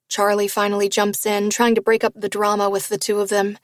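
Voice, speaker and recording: A woman narrating a first-person romance novel in a steady storytelling read. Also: mid-range voice, a little fast, few pauses, dry recording, clean studio sound. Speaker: audiobook narrator.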